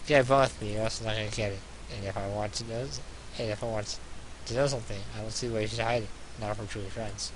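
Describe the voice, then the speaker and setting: A man reading a visual novel line as an earnest young man, speaking softly and low. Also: steady tone, quick pace, a little hiss or hum, natural voice, rough recording.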